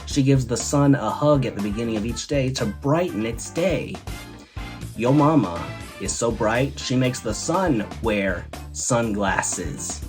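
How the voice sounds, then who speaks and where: A man's voice: mid-range voice, lively intonation, a little slow, music in the background. A man hosting a comedy show, telling one joke after another in an upbeat way and leaning on the punchlines. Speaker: host.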